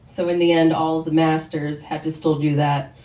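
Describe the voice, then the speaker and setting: Storyteller: woman, lowish voice, candid wry delivery, roomy distant live recording. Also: level tone, moderate pace, dark tone. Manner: candid, conversational, with wry asides. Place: story night venue.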